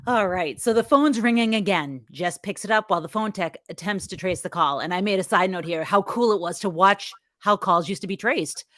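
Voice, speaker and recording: A woman co-hosting a casual podcast, retelling a film's plot in a chatty, animated way. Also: mid-range voice, fairly quick, hardly any pauses, no echo, clean studio sound. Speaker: podcast co-host recapping the plot.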